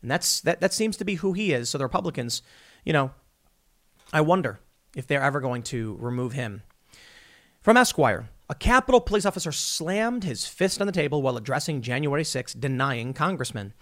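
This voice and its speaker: A man's voice: medium pitch, sing-song, a little fast, fairly bright tone. A man giving an opinionated, combative commentary monologue with emphatic delivery. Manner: emphatic and combative, with frequent restarts. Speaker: political commentator.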